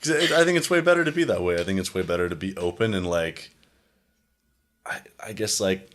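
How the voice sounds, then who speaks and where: Low-voiced young man rambling casually. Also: lively intonation, a little fast, fairly bright tone. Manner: rambling, frequent "like" fillers, acts out quoted exchanges. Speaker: podcast host. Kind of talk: casual conversation.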